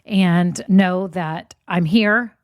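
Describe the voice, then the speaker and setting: A woman hosting her own podcast in a chatty, upbeat way, her voice a bit scratchy and hoarse from a swollen voice box. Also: on the low side, extremely slow, no echo, clean studio sound. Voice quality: slightly scratchy voice. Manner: chatty and upbeat, says y'all. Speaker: podcast host. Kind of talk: casual solo podcast talk.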